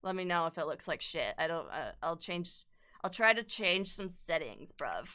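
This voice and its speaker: A woman's voice: lowish voice, sing-song, normal speed, sharp tone. A young woman chatting casually as an art streamer while she sketches, rambling, swearing a lot and laughing often.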